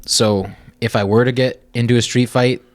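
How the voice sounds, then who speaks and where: A young man in casual podcast chat who jokes with friends in a relaxed way and swears now and then. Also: mid-range voice, normal speed. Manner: relaxed, laid-back banter with some swearing. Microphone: handheld podcast microphone.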